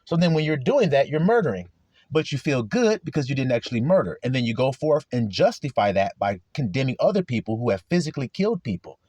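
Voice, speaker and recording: A man's voice: mid-range voice, sing-song, quick pace, a little mellow, breathy edge, no echo. A man preaching an informal sermon, confrontational and full of rhetorical questions, with coarse language.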